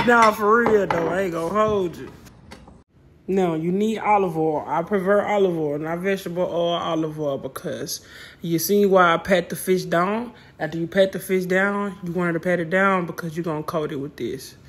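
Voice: medium pitch, normal speed, fairly bright tone, a little hiss or hum. A home cook in a casual cooking vlog, talking in a slangy, joking, laid-back way from a kitchen.

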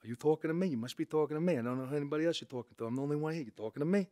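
A man doing a gruff tough-guy movie star. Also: on the high side, rapid-fire, mellow, dry recording, studio quality, natural voice. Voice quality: slightly nasal, voice up behind the nose. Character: tough-talking gangster-style movie actor, male, gruff.

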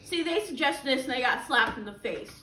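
A woman's voice: high voice, lively intonation, brisk, pushed and bright. A young woman reviewing a boxed food item with sarcastic jokes and frequent laughter. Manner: sarcastic, joking, laughs often. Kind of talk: comedic food review chat. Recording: echoey room with faint noise.

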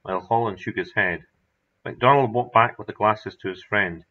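A man reading his own horror story aloud in a measured, dramatic narration. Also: on the low side. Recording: dull lo-fi recording.

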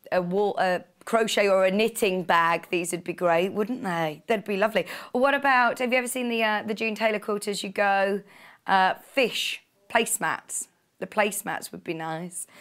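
A woman's voice: mid-range voice, fairly bright tone. Gushing TV shopping presenter woman. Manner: chatty and gushing, with frequent gasps and laughs. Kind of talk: live TV sales presentation. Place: TV studio.

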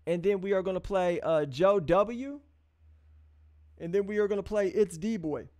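A man with a high-pitched voice hosts a live music review stream, chatting casually with his audience. He talks in a loose, encouraging way, full of slang, restarts and hummed pauses. The sound is dry and close. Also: a little mellow, no room sound. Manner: loose, repetitive, restarts and drawn-out hums; encouraging, street-casual address to viewers. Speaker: livestream music review host.

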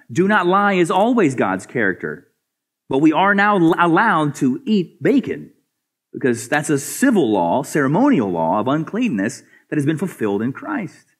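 A male pastor preaching a sermon earnestly, asking rhetorical questions and often repeating words as he builds a point. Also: slightly rough. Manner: swings between soft, low asides and raised, higher emphatic passages.

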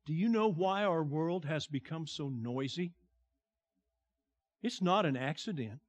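A man preaching a sermon as a pastor, delivering slow, deliberate lines that fall to a hushed tone and swell on key words. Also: fairly high pitch, expressive.

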